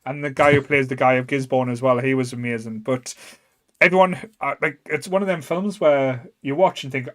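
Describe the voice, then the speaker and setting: A man's voice: mid-range voice, fairly even intonation, a little fast, a bit bright. A man with a Northern English accent chatting casually on a podcast, hesitant, with plenty of fillers. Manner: laid-back, hesitant, with many fillers. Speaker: podcast co-host. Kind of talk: casual chat.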